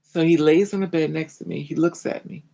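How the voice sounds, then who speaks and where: A woman recounting a personal story in an animated, dramatic way, full of colloquial slang. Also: low voice, brisk, creaky, low-quality recording. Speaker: storyteller vlogger.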